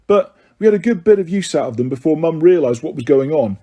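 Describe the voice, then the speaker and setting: A man's voice: a little high, expressive, fast talker, warm tone. A man voicing an easygoing teenage boy wizard, chatty and casual.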